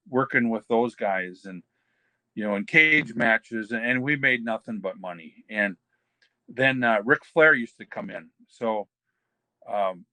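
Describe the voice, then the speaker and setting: Older guy rambling through old wrestling-days stories, bright punchy voice, dry close sound. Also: medium pitch, no echo, poor audio. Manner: rambling anecdotes, quoting others in his own voice. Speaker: interview guest, former pro wrestler. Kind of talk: casual storytelling shoot interview.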